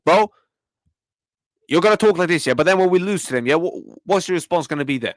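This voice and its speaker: A man's voice: on the high side, expressive, fairly quick, long pauses, no room sound, poor audio. A man ranting in a match reaction video, exasperated and slangy, repeating himself as he talks to his viewers. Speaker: football fan channel host. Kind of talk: heated match reaction rant.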